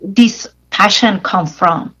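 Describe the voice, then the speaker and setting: A woman interviewing a guest on radio, asking her questions in a measured, deliberate way. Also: medium pitch, pushed and bright, breathy edge, rough recording.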